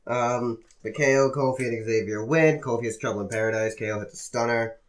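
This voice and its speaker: A man's voice: mid-range voice, steady tone, a little fast. A man co-hosting a podcast, recapping shows in casual chat with dry running commentary and a lot of swearing. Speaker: podcast co-host.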